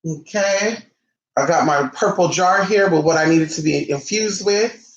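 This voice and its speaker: In an echoey room, a man with a fairly high voice hosts a ritual tutorial live, talking at a moderate pace over a muffled recording. Chatty and sassy, he calls everyone honey and answers what viewers write.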